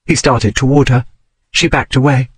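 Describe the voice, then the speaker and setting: A man narrating an audiobook with an even, measured reading. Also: mid-range voice, husky, no echo. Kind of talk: scripted narration.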